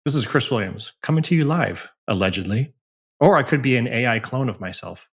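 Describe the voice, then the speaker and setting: A man's voice: mid-range voice, animated, fairly quick, husky. A man chatting as a guest on a podcast, easygoing with self-deprecating humor, over a remote call. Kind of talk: casual podcast chat.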